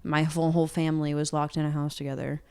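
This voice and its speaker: Smooth-voiced young woman, earnest and open. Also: low-pitched, flat delivery, quick pace, a little mellow. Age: young adult. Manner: earnest, open, heavy use of "like". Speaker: singer-songwriter guest. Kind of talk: candid interview talk.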